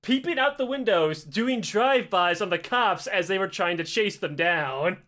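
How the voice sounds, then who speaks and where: Animated high-voiced man telling a story. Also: moderate pace. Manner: animated, acts out quotes in funny voices, laughs often. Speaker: podcast host telling a history story. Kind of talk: casual storytelling with profanity.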